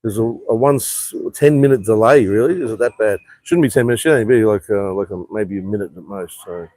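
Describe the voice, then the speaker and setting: Swearing, rambling man, low voice. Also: fairly quick, a little mellow, no room sound. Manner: rambling, swears freely, reads viewer comments aloud. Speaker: live streamer. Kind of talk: casual live stream chat. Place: outdoor rooftop bar on an island.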